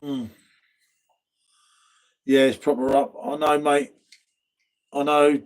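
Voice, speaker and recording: Chatty southern English man, higher voice. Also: flat delivery, takes it slowly. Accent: southern English, from near London. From England. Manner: chatty, laid-back, reads viewer comments, says mate a lot. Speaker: live stream pub host. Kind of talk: casual live stream chat.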